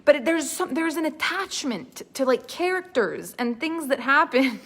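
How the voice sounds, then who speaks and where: A woman storytelling coach teaching a live online workshop in an animated, expressive way, laughing often. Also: high voice, measured pace, a little hiss or hum.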